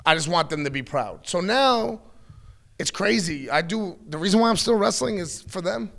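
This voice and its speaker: Middle-aged man, slightly high voice, blunt and profane, animated storyteller. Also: normal speed, vocal fry. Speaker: wrestling guest. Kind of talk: candid interview talk.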